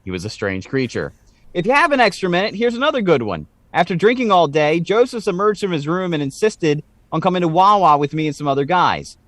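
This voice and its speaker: A man's voice: high voice, sing-song, brisk, fairly bright tone, no room sound. A man co-hosting a podcast in casual chat, rambling and full of "like" fillers. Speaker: podcast co-host.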